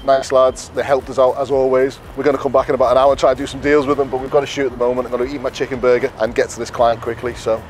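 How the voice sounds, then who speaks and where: A man's voice: mid-range voice, little pitch movement, very fast, hardly any pauses, slight background noise. A man, a watch dealer joking and chatting on the go for a vlog. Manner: upbeat, jokey banter. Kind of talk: casual vlog chat.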